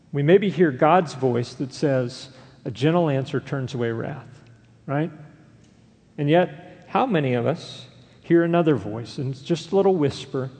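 A man's voice: a little high, creaky, darkish tone, in a large hall. A man preaching an earnest sermon as a pastor, often tossing in a rhetorical "right?" to the congregation.

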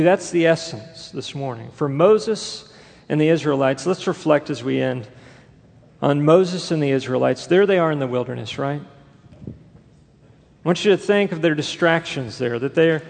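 A man preaching a sermon as pastor, emphatic and building to forceful bursts. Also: a little high, normal speed, creaky, big-room sound.

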